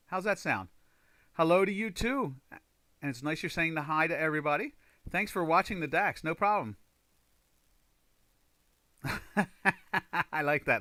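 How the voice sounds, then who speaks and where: Casual trading-stream host, male, bright forceful voice, rambling and filler-heavy, dry close mic. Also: fairly high pitch, animated, normal speed, pauses often, no room sound. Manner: rambling, reads viewer chat aloud, many fillers. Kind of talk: casual live-stream chat.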